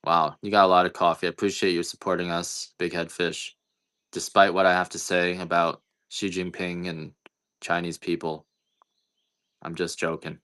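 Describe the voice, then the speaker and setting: A man's voice: deep voice, level tone, moderate pace, a bit bright. A man hosting a casual live-stream coffee sale, rambling and joking at his own expense. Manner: rambling, joking, self-deprecating. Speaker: livestream seller of coffee. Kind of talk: casual live-selling chat.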